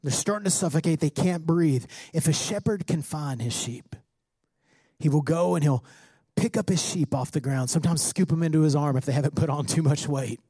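Impassioned high-voiced male pastor. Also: breathy edge, no echo. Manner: impassioned preaching, rising to near-shouts when quoting scripture. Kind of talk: sermon.

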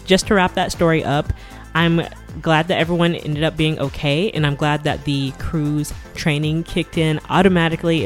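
Fast-talking, giggly woman podcaster. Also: deep voice. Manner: talks very fast with awkward giggles. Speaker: podcast host, flight attendant. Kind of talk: casual solo podcast chat. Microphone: podcast mic at a laptop setup.

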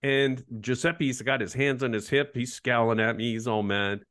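A man's voice: mid-range voice, moderate pace, dry recording, clean studio sound. A man in his fifties, an ergonomics professor, telling self-deprecating work stories as an interview guest. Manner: animated anecdotal, self-deprecating. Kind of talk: casual interview storytelling.

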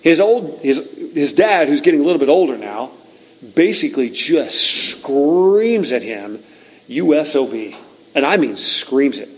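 A man's voice: fairly high pitch, breathy edge, low-quality recording. A male pastor preaching a conversational, emphatic sermon with frequent asides to the congregation.

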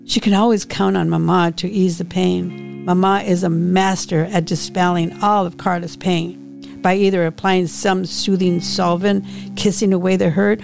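A woman podcast host and author reading her own novel aloud in a slow, unhurried storytelling manner. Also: fairly low pitch, steady tone, gravelly, darkish tone, soft background music.

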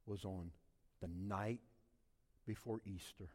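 A middle-aged man, preaching a sermon as a pastor, swinging between loud emphatic passages and quiet ones. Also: low-pitched, slow pace, long reverb tail. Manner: animated preaching with big swings in loudness.

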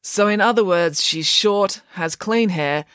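A woman playing a deadpan schoolgirl detective. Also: mid-range voice, unhurried, clear, resonant tone, no echo, pitched above the performer's own voice, close to an everyday voice. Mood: dry. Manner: dry, matter-of-fact.

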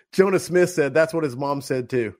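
A man hosting a podcast, running a playful quiz with his guest in casual chat. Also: a little high. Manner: playful, quick quiz-show banter. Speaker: podcast host.

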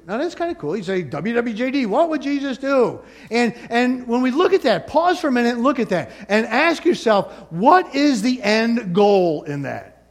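Man, pastor, sermon, high voice, very animated pitch, call-and-response. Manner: animated preaching, rising and falling emphasis, call-and-response asides.

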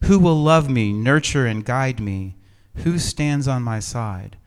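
Man preaching a measured, reflective sermon. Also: medium pitch, expressive, clear, resonant tone. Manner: measured, reflective storytelling with gentle humor. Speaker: pastor. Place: empty church sanctuary.

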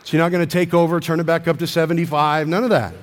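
A man's voice: fairly high pitch, little pitch movement, fast talker, long reverb tail, a little hiss or hum. A man in his thirties, a pastor preaching a sermon with call-and-response to his church.

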